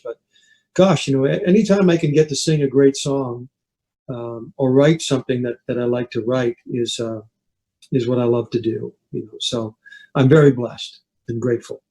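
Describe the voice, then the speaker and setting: Mellow-voiced Canadian man chatting as guest. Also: medium pitch, low-quality recording. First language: French. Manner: relaxed, rambling, many restarts and fillers. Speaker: guest singer. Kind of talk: casual interview chat.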